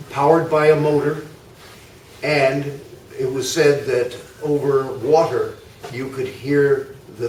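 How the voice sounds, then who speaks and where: A man's voice: mid-range voice, darkish tone. Older man giving a chatty history talk. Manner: chatty, anecdotal, many uh fillers and asides. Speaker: guest speaker. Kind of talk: informal history talk to a club audience. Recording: echoey hall, mic far off, faint noise.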